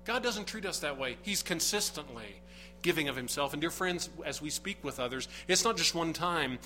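Bright, earnest male preacher. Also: on the high side, lively intonation, moderate pace, soft background music, poor audio. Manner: earnest, emphatic preaching with rising bursts. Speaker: pastor. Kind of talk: sermon.

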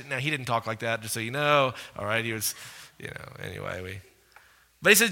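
A male pastor preaching a sermon in an animated, conversational way, often asking the audience questions. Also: fairly high pitch, fairly quick. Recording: echoey hall reverb.

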